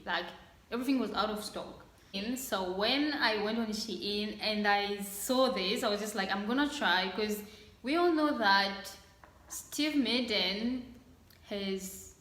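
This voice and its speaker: A woman's voice: mid-range voice, a bit bright, reverberant, poor audio. A young woman from Congo doing a casual unboxing chat, bubbly and gushing, laughing often. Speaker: vlogger.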